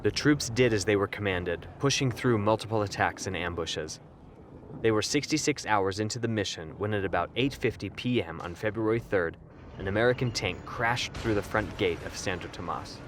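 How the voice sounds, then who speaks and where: Low-voiced male documentary narrator. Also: normal speed, a little hiss or hum. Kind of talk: scripted narration.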